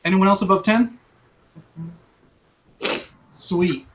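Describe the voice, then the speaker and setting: A man's voice: sits high, slow, a bit bright, a little hiss or hum. Playful male dungeon master. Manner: playful, rambling, laughs at his own narration. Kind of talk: narrating a tabletop game.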